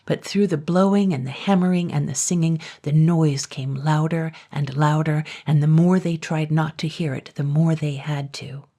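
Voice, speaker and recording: A woman calmly narrating a children's fairy tale at an unhurried pace. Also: deep voice. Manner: calm, unhurried. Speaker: storyteller. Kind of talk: calm storybook narration.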